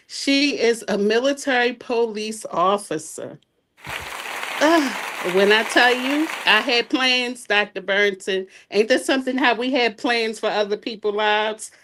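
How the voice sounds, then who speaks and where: A middle-aged woman guest telling her family story in a heartfelt, animated way. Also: a little high, slow. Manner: animated, heartfelt, acts out dialogue. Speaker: interview guest. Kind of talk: emotional personal storytelling.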